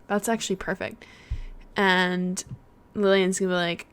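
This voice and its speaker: A woman narrating a life-simulation game in a soft-spoken ASMR style, chatty and full of fillers. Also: medium pitch, fairly even intonation, normal speed, music in the background. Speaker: gaming channel host. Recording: loud game audio underneath.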